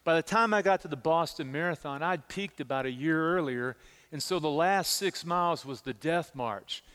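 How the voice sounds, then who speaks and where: A middle-aged male pastor preaching a sermon, telling personal stories in an animated way and repeating words as he stresses them. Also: fairly high pitch, normal speed, smooth, big-room sound. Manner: animated storytelling, repeats words when emphasizing.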